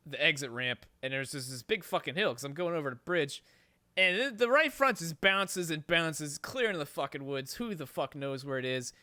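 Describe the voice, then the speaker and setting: A man's voice: fairly high pitch, no echo. Swearing, rambling male podcast host. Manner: profane, rambling, animated storytelling. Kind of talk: casual storytelling chat.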